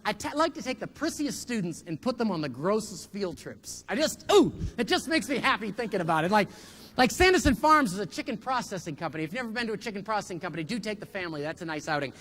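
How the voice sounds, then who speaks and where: Fast, high-voiced man joking in a hall. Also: slight background noise. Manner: animated storyteller, jumps into loud high voices for punchlines. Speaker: university finance professor giving a keynote. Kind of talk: humorous keynote speech.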